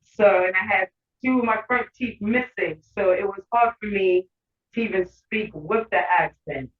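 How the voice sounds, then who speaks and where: A woman's voice: mid-range voice, moderate pace, roomy sound. A woman rapper from Pennsylvania with a mixed Bahamian and American accent, talking casually and rambling with fillers. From Pennsylvania, USA. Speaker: rapper and guest. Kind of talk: casual interview chat. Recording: tinny phone-like call audio.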